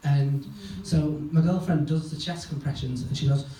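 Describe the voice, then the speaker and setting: A male stand-up comedian, telling a rambling, sweary story in a deadpan way on a club stage. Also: fairly high pitch, normal speed. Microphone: stage mic. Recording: echoey room from far off, noisy. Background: audience laughter.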